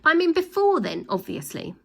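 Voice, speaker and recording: A woman voicing a young boy in a storybook reading, high and huffy, insisting on being remembered. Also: very animated, a little fast, vocal fry, heavily acted. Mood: indignant. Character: indignant young boy, easily miffed.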